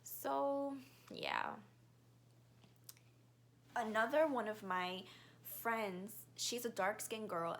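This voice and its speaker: A young woman in her twenties with a Bahamian accent, telling stories quickly and animatedly in a casual vlog. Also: fairly high pitch, a little hiss or hum. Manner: fast-talking, animated storyteller.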